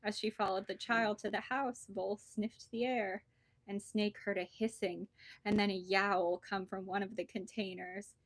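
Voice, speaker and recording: A woman bookseller reading a children's storybook aloud with lively, expressive storytelling. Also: mid-range voice, moderate pace, no room sound.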